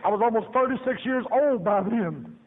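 A man's voice: very high-pitched, normal speed, slight background noise. A man preacher telling his testimony in a folksy, emphatic way, laughing often and repeating phrases, heard on a tinny broadcast. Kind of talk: sermon testimony storytelling. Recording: tinny phone-like radio broadcast.

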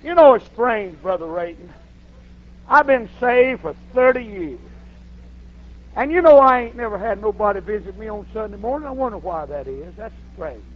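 An older man, a pastor telling a folksy story in a sermon and rising to shouts. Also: high-pitched, lively intonation, normal speed. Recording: dull lo-fi sermon recording.

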